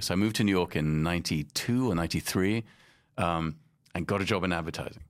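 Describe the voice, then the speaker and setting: A man's voice: sits low, brisk. Wry middle-aged man telling stories. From London and Casablanca. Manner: chatty storyteller, wry and self-mocking, laughs often. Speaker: podcast host and guest. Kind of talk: casual interview chat.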